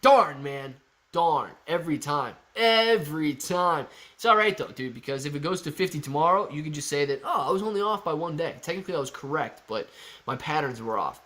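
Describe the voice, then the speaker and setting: Man, livestream host, excited casual chat, rattles off prices, fairly high voice. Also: fast. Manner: excited, calls out prices like an auctioneer. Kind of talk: live stock-market chat reading viewer comments.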